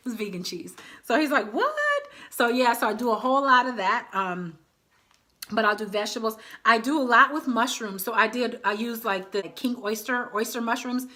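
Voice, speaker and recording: A woman's voice: fairly high pitch, moderate pace, pushed and bright. A woman in her thirties chatting casually to her viewers as a vlogger, often calling them y'all. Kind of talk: casual chat to camera.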